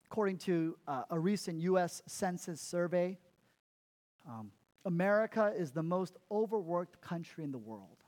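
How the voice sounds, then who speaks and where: A man's voice: high-pitched, lively intonation, normal speed, a little mellow. A man preaching a sermon as pastor, emphatic, repeating words and laughing at himself.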